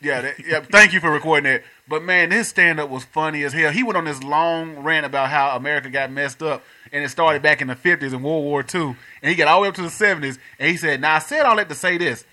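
A man hosting a casual chat show and taking callers, slangy and quick to laugh. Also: on the high side, bright, forceful tone.

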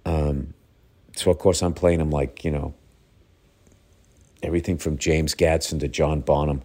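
A man's voice: very deep voice, little pitch movement, measured pace, warm tone. A middle-aged man telling family stories in a rambling, profane, casual way, often breaking off mid-sentence. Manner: rambling, profane, self-interrupting. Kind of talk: casual storytelling.

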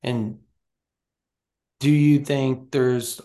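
A man's voice: medium pitch, steady tone, very slow, gravelly, warm tone. A man co-hosting a recruiting podcast, chatting casually and animatedly, often restarting his sentences. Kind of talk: casual sports chat.

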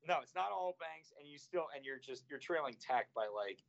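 A man who manages investments, talking about markets in an animated, exasperated way. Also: fairly high pitch, fairly quick, creaky, highs cut off. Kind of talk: casual finance chat.

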